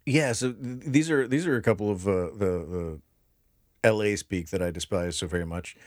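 A man's voice: fairly low pitch, normal speed, dry recording, clean studio sound. A man co-hosting a podcast, bantering casually with sarcastic jokes and frequent laughter. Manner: sarcastic, joking, laughs often. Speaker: podcast co-host.

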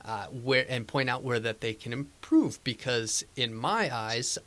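Halting male interview host. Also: medium pitch, fairly bright tone. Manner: halting, searching for words, many fillers. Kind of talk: casual interview questions.

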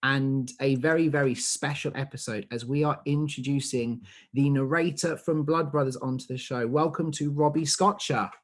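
A male podcast host who opens the show and greets his guest with obvious enthusiasm. He asks friendly questions in a lively, eager way. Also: medium pitch, normal speed, hardly any pauses. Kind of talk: podcast interview.

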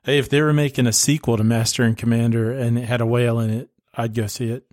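A fast-talking man drops short, quick replies into a relaxed conversation. His voice sits at an ordinary pitch, and the sound is dry and close to the mic. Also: no echo. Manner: brief reactive interjections. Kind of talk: casual chat.

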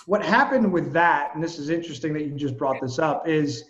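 High-voiced man telling a lively story. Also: a little fast, roomy sound, highs cut off. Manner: animated, vivid storyteller who swears casually. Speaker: guest, personal trainer. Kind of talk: casual storytelling in a podcast chat.

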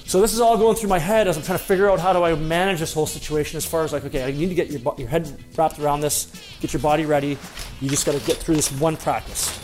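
A former hockey player telling a story in a casual, rambling way, with a self-deprecating tone and frequent fillers and restarts. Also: male voice, a little high, steady tone, fast, darkish tone, soft background music.

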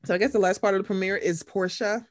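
A woman's voice: fast talker, dry recording, clean studio sound. A woman co-hosting a casual chat, telling stories and acting out what people said with big swings in her voice. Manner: animated, acts out quotes with big pitch jumps and laughs. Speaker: podcast co-host.

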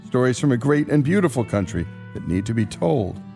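Gravelly-voiced male radio host. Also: medium pitch, very animated, fairly quick, dark tone, faint music behind.

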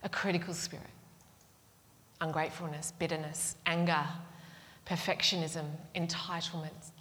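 A woman's voice: sits low, normal speed. Woman preaching in a reverberant hall. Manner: animated storytelling, breaks into whispers and laughs. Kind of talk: sermon.

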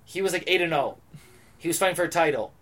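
A brash, opinionated man talking in a relaxed podcast chat, cursing freely as he makes his case. His voice sits high for a man. He talks fast.

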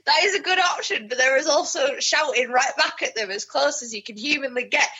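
A woman from southern England with a southern accent mixed with northern English, a podcast guest and musician, chatting in a playful, giggly way with a husky voice. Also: sits high, brisk, bright, forceful tone. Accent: southern English with picked-up northern English. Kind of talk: casual chat. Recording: dull lo-fi sound.

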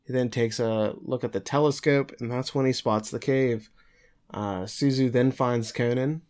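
A man's voice: mid-range voice, fairly even intonation, normal speed, a little mellow. A man co-hosting a podcast, giving a loose, chatty recap of an episode over a remote call. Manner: chatty, loose, with filler words. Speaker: podcast co-host. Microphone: remote call mic.

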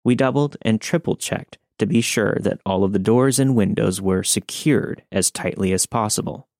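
A man narrating a scary true story in a steady scripted read. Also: fairly low pitch, moderate pace, dry recording, studio quality.

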